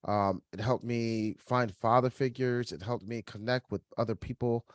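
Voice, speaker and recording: A young man co-hosting a podcast, telling a personal story in casual chat, lively and laughing, acting out the voices of others. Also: mid-range voice, moderate pace, no room sound, studio quality. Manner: animated, acts out quoted voices, laughs while telling. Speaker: podcast co-host.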